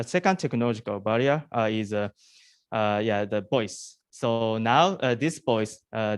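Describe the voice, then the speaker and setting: Founder in Q&A, hesitant non-native English, many pauses, dry close sound. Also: male voice, medium pitch, no room sound. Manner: hesitant, full of pauses and restarts. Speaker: startup founder answering jury questions. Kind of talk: halting non-native Q&A answers.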